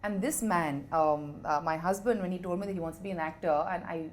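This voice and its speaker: A woman in her thirties with an Indian English accent speaks candidly as an interview guest. She tells her story in an animated way, laughs often and drops into Hindi phrases. A faint noise sits under her voice. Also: on the low side, brisk.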